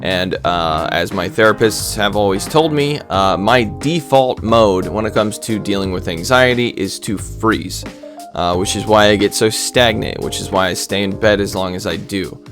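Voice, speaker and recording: A man with a fairly low voice talks through a video game match in a loose, casual way. He stutters, restarts and pokes fun at himself as he goes. Soft guitar music plays quietly behind him. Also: normal speed. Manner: self-deprecating, rambling with stutters. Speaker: gaming commentator.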